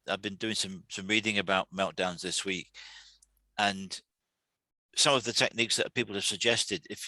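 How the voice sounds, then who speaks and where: A man hosting a weekly talk series, explaining calmly in a halting way, often repeating words and restarting. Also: fairly low pitch, dry recording. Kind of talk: solo talk to camera.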